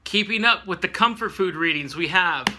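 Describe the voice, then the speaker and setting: A man's voice: high-pitched, normal speed, noisy background. A man in his late thirties from California, chatting casually about books he read, rambling with lots of fillers and self-corrections. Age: late 30s. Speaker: book reviewer. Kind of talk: casual book review vlog.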